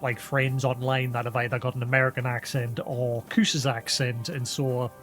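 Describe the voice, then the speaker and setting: A man's voice: mid-range voice, little pitch movement, moderate pace, fairly bright tone, faint music behind. Chatty Geordie man streaming a game. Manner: rambling and self-deprecating, with frequent "like" fillers. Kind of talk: casual live-stream chat while gaming.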